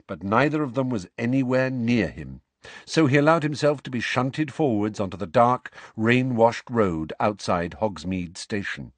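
A man reading a storybook aloud as narrator, measured and expressive. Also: mid-range voice, no room sound. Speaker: audiobook narrator.

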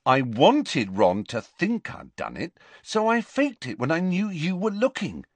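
This is a mischievous teenage boy hero in an audiobook, put on by a man. He sounds slightly higher than the reader's own voice and comes across dry and close. He talks eagerly, with a playful edge. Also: wildly swooping pitch, unhurried, dry recording, exaggerated voice. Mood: teasing.

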